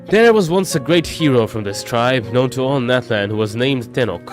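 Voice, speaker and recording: A man's voice: mid-range voice, lively intonation, normal speed, faint music behind, natural voice. A man reading a polite, fretful resort supervisor woman. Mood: apologetic. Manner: apologetic, formal, reading game lines aloud.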